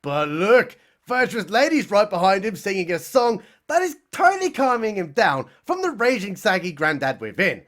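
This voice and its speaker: A man's voice: high voice, huge pitch swings, normal speed, hardly any pauses, a bit bright. A man narrating a mocking, sarcastic comedy recap of a TV episode. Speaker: comedy reviewer.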